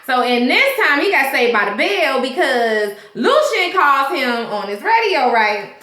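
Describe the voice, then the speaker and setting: A woman's voice: sits high, sing-song, unhurried, sharp tone, reverberant. A woman giving a casual recap of a TV episode, chatty and slangy, often saying "you know what I'm saying". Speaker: TV show reviewer.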